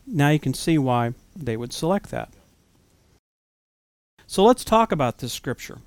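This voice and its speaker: A man preaching an earnest sermon in a smooth, clear voice that sits a little high for a man. He keeps it conversational and puts rhetorical questions to his listeners. The sound is close and dry, with no room around it. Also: animated, unhurried, no room sound.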